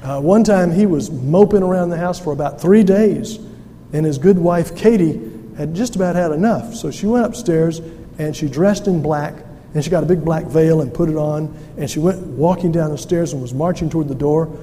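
A man with a voice on the high side and a dark tone preaches a folksy, humorous, emphatic sermon at a moderate pace. He was recorded in a church sanctuary, an echoey hall with faint noise.

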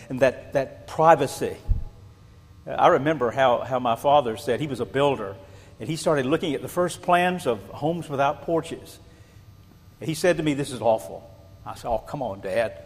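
An older man preaching a sermon as a pastor, animated, repeating words and asking rhetorical questions. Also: fairly high pitch, husky. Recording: long reverb in a large hall.

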